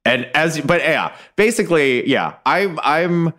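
Podcast host, late 30s man, animated pitch, dry self-mocking humor. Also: a little slow. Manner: dry, self-deprecating, chuckling often. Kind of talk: casual chat.

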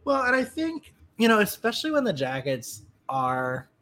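A man's voice: sits high, wildly swooping pitch, normal speed, a bit bright. A man co-hosting a podcast in casual chat, talking in a chatty way with frequent restarts. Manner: chatty, lots of restarts and "you know". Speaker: podcast co-host.

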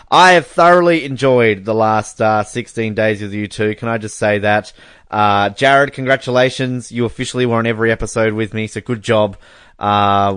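A man's voice: on the low side, fairly bright tone, clear, resonant tone, no echo, studio quality. A man hosting a casual sports podcast, talking with lots of fillers and frequent laughter. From Australia. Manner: chatty, laughs often, many fillers. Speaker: podcast host.

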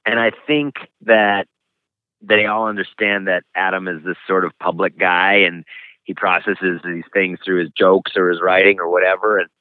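A man speaking frankly and reflectively as an author being interviewed, pausing often as he talks. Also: sits low, level tone, clean tone, dry recording. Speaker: author and guest. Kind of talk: candid interview conversation. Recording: tinny phone-like line, dry.

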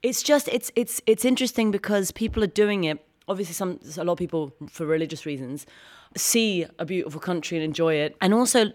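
Fast-talking woman telling stories. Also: fairly low pitch. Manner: fast, animated storytelling with laughs. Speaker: guest. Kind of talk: casual interview chat.

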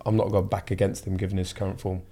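A man's voice: sits low, flat delivery, very fast, dark tone. Chatty, playful male podcast host. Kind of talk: casual chat.

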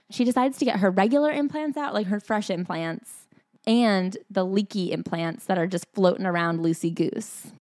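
A woman's voice: medium pitch, a little mellow, no echo, clean studio sound. A woman co-hosting a podcast, recapping a memoir in casual chat with wry, sarcastic asides. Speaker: podcast co-host.

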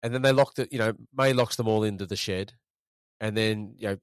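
A fast-talking man recalls film scenes in a casual review chat. He rambles and restarts his sentences. The sound is close and dry. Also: lowish voice, steady tone, smooth, dry recording. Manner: rambling, repeats words. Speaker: podcast co-host.

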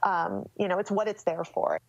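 A woman's voice: fairly low pitch, big pitch swings, normal speed, dull audio. A woman speaking as an interview guest in a candid personal conversation, often stopping and restarting as she searches for words.

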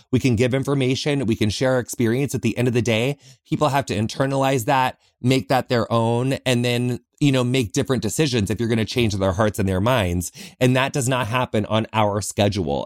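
Close, dry audio without room echo comes from the small closet where a middle-pitched man records his solo podcast. Earnest and heartfelt, he searches for words slowly, pausing and restarting frequently.

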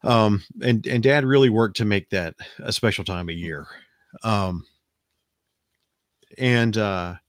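A man's voice: lowish voice, takes it slowly, pauses often, no echo, studio quality. A man from the American South with a Southern accent, telling a rambling family story in casual chat, with frequent restarts. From Alabama, US South.

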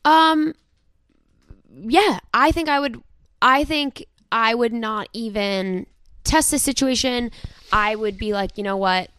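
A woman's voice: fairly high pitch, takes it slowly, dry recording. Young woman co-host, dry close mic. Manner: animated, argumentative, acts out quoted voices. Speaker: podcast co-host. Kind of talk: casual chat.

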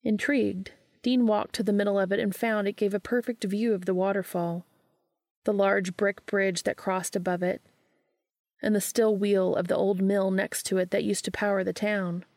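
A woman narrating a story aloud in a steady, measured way. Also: medium pitch, no room sound, clean studio sound.

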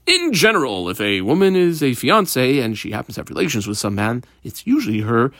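A man teaching a Talmud lesson, explaining Aramaic phrases in casual English with a lively, conversational manner. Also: medium pitch, a little fast, no echo, clean studio sound.

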